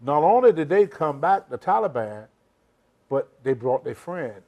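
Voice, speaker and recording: A man's voice: a little high, very animated, unhurried, warm tone. An older man, a senior citizen, telling emphatic, rambling stories with loose grammar as an interview guest. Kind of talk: shoot interview storytelling.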